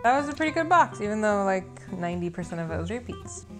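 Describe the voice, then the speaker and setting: A woman's voice: medium pitch, very animated, quick pace. Woman co-host, matter-of-fact and teasing, casual chat, light music underneath. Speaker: snack reviewer co-host. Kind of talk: casual snack-tasting chat.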